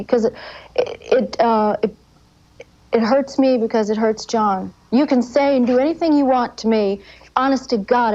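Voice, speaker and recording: A woman's voice: a little high, a little mellow. Woman in a muffled 1980s TV interview. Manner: halting, earnest, with frequent restarts. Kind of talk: emotional recollection in a TV interview. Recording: dull lo-fi 1980s TV audio.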